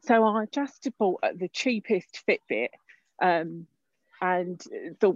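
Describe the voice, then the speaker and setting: A woman guest chats casually during an interview on a walk in an outdoor park, hesitating and using many fillers. Her lowish voice is husky and sing-song at a moderate pace, captured dry with no room sound on a dull lo-fi recording.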